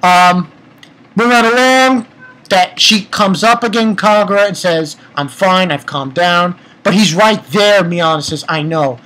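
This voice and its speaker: A man giving a casual, excitable manga chapter review, retelling scenes and breaking into profane rants. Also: high voice, a little slow, poor audio.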